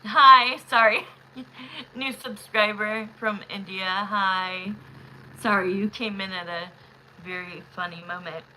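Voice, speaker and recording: Woman host of a live tarot stream. Chatty and excitable, bright tone, unhurried delivery. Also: mid-range voice, slight background noise, poor audio. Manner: chatty, excitable, talks to viewers directly. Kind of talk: casual live-stream chat.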